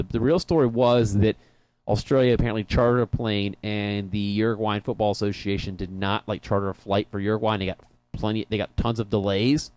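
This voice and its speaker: A man co-hosts a soccer talk show in a fairly low, darkish voice, captured dry on studio headphones. His casual sports chat is full of laughs and restarts as he rambles.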